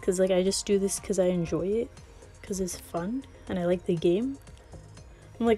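A woman gamer rambling in easy, casual chat, often giggling and a little out of breath. Her voice is mellow and soft-edged, with faint game music in the background. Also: mid-range voice, normal speed, slightly rough. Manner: says she always sounds out of breath. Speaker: gaming video creator.

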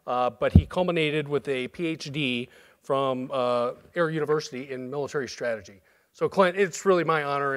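Southern man, 50s, event host, folksy intro with fillers, slightly higher voice. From Alabama, US. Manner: relaxed, folksy, frequent fillers. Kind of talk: speaker introduction.

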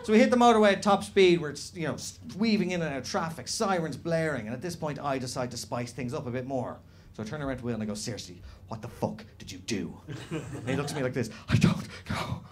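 A man doing animated stand-up storytelling on a comedy club stage, slipping into other people's voices. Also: on the high side, quick pace, a little hiss or hum. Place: comedy club stage before a live audience. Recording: live room with audience laughter.

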